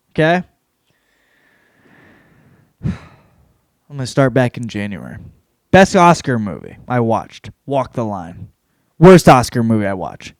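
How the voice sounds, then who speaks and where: A man's voice: fairly high pitch, a little mellow, no room sound, clean studio sound. A man hosting his own podcast, rambling through a casual rundown with plenty of swearing and blunt opinions. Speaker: podcast host.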